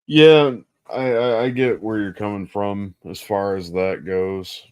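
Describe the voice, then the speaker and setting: A man co-hosting a gaming podcast, talking casually and haltingly as he searches for words. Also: fairly low pitch, steady tone, smooth, dull audio. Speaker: podcast co-host.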